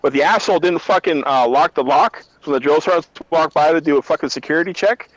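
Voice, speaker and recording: A man who is a retired army drill sergeant, telling profane, animated barracks stories in casual chat. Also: fairly high pitch, fast talker, no room sound, rough recording.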